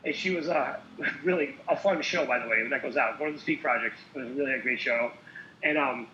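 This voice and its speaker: A man co-hosting a casual political talk show, animated and laughing often. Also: mid-range voice, brisk, a little hiss or hum. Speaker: co-host. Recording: echoey lo-fi call audio.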